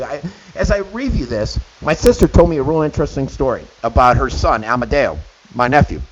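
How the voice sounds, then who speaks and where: A middle-aged man hosting a radio show, delivering an indignant opinion monologue with sarcastic asides. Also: high-pitched. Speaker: radio host. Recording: dull lo-fi with faint hiss.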